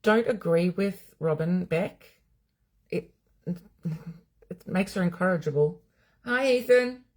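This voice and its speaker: A woman's voice: fairly low pitch, takes it slowly, long pauses, darkish tone. A middle-aged Australian woman, a psychic medium hosting a live stream from home, chatting casually, bluntly and with plenty of swearing while answering viewers' comments.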